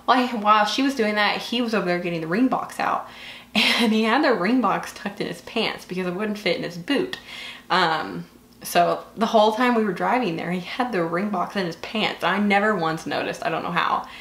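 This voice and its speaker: A woman's voice: mid-range voice, normal speed, a bit bright. A woman in her twenties with a Southern US accent, chatting casually and gushing while doing her makeup, with lots of fillers. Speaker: beauty vlogger. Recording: echoey room.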